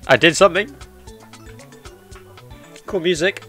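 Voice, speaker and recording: A man's voice: sits high, slow pace, sharp tone, faint music behind. A man giving chatty, jokey let's-play commentary and talking to the characters on screen. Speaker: gaming YouTuber.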